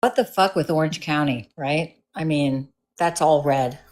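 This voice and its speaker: A woman's voice: low-pitched, unhurried, darkish tone. A middle-aged woman in a casual online discussion, talking hesitantly and often checking whether she has it right. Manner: hesitant, often asks for confirmation. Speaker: debate participant.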